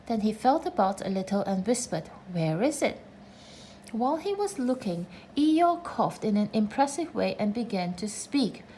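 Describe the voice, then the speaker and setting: A woman reading a children's storybook aloud in a gentle, measured way. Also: fairly high pitch, sing-song, a little hiss or hum, rough recording. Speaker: reader.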